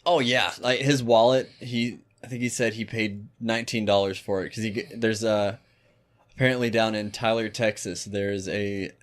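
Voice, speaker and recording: A man's voice: fairly low pitch, little pitch movement, normal speed. A man co-hosting a podcast, telling a story in a casual, profane way and laughing often. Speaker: podcast co-host.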